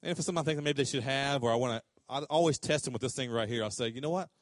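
A man's voice: mid-range voice, very fast, no room sound, studio quality. A middle-aged man, preaching a sermon in a conversational way that rises to emphatic questions. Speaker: pastor.

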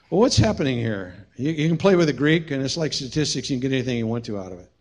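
A man's voice: medium pitch, fast talker, hardly any pauses. A man preaching a sermon as pastor, telling stories with humorous asides. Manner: storytelling, humorous, animated asides.

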